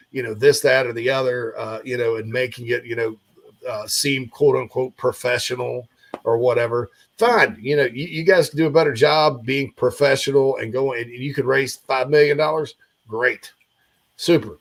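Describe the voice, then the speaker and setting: Man, sports talk host, casual rambling, fillers and restarts, mid-pitched voice.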